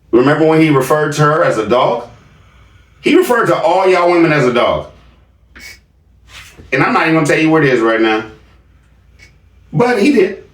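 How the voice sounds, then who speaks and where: A male vlog host giving sarcastic, laughing reaction commentary. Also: mid-range voice. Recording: echoey room, distant mic.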